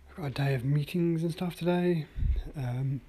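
Vlogger at home rambling about coffee, lots of ums, goes quiet and murmury sometimes. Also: mid-range voice, normal speed, a little hiss or hum. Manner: rambling and chatty, with many ums and self-mocking asides. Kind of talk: casual daily video diary. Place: at home, indoors.

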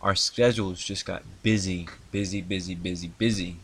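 A man's voice: low voice, steady tone, moderate pace, a bit bright, husky. A young man casually recounting the story of his video channel, rambling with many ums and restarts. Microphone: handheld mic he adjusts.

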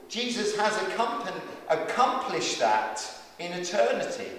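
A man's voice: on the high side, expressive, slow. Male pastor, earnest and emphatic sermon delivery, distant mic with long church reverb. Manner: earnest, emphatic preaching with repeated calls. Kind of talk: sermon and closing prayer. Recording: echoey hall from far off.

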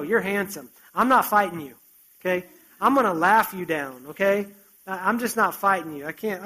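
A man preaching a sermon, retelling a story with animated, conversational asides. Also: high voice, poor audio.

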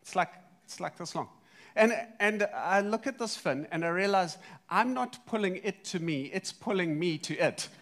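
A man preaching a sermon, telling a story in a lively way, swinging between loud and soft. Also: high-pitched, moderate pace. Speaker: pastor.

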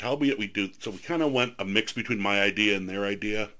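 Lower-pitched male host, bright forceful tone, enthusiastic storyteller in casual chat. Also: fast. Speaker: host, historian and author.

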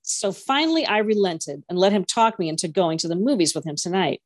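A woman's voice: lowish voice, lively intonation, brisk, dry recording, studio quality. A woman playing a condescending older sister. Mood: superior. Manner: superior, condescending.

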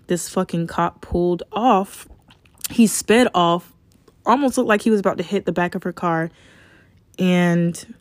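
Young woman, low-set voice, blunt and cursing storyteller, dry close sound. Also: no room sound. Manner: frank and profane, animated retelling. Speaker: storyteller sharing a personal experience. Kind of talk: casual personal storytelling.

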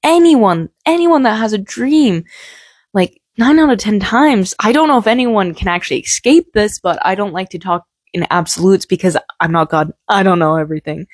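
A woman's voice: mid-range voice, animated, moderate pace, no echo. A young woman hosting her own podcast, talking candidly and bubbly into a small microphone, swearing freely. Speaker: podcast host. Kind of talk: casual solo podcast monologue.

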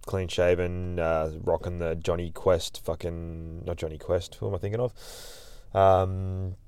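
Aussie guy rambling thru a comic recap, swears constantly, smooth clear voice, dry close sound. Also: lowish voice, a little mellow, no room sound. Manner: rambling and heavily profane. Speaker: comic review host.

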